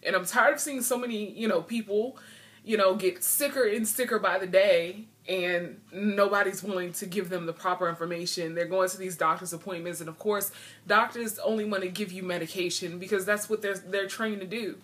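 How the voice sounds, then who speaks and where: A woman's voice: mid-range voice, fairly even intonation, a little fast, a bit bright. A woman vlogging in earnest, frank talk, a bit emotional and frustrated as she speaks. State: a little emotional. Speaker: video blogger. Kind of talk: heartfelt vlog talk.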